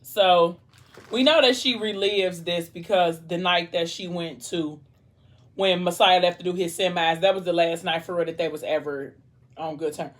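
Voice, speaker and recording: A woman's voice: fairly low pitch, fairly even intonation, moderate pace. A woman vlogger chatting casually, retelling a book's scenes while eating, reading out dialogue and leaning on "like". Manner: chatty storytelling, reads out dialogue, fillers like "like".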